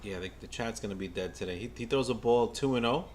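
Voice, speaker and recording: A man livestreaming a baseball game as a fan, giving casual play-by-play to his chat, stammering and repeating himself, then bursting out when a play excites him. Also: medium pitch, fast, slight background noise. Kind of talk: casual live game watch-along commentary.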